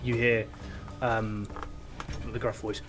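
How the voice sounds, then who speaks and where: A man narrating as game master of a tabletop game, who pauses often as he searches for the words to describe each scene. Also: fairly low pitch, level tone, fairly bright tone, soft background music.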